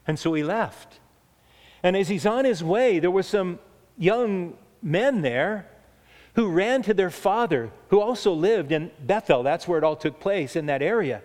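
Male preacher, earnest sermon, slightly high voice, long hall reverb. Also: expressive, darkish tone. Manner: earnest, emphatic, slows down for key points.

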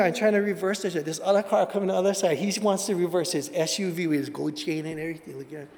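A man preaching a sermon, telling animated, conversational stories and calling people "bro". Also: sits high, quick pace, big-room sound.

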